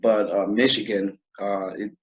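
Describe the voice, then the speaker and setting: A man's voice: on the low side, little pitch movement, measured pace, highs cut off. A man hosting an interview show, speaking in an earnest, conversational way with fillers. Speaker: host. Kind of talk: podcast interview.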